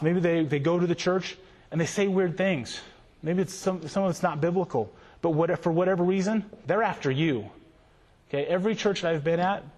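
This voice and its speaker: A man's voice: on the high side, a little mellow. A man giving a conversational conference talk to ministry workers in a large hall, checking in with "okay?" and acting out quoted voices. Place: large hall with a live audience. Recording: long reverb from a large hall.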